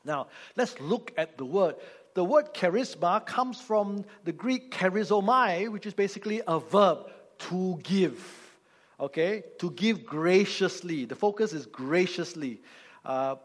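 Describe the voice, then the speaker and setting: Guy preaching, high voice, joking around, asks the crowd stuff, long echo in a church hall. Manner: humorous, teacherly, asks the congregation questions. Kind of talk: sermon.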